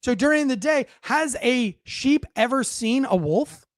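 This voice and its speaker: A man's voice: very high voice, expressive, unhurried, dry recording, studio quality. Blunt-talking man, a cop, explaining by analogy. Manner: explains with analogies, asks leading questions; profane, blunt. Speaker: police officer and podcast host. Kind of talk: casual interview conversation.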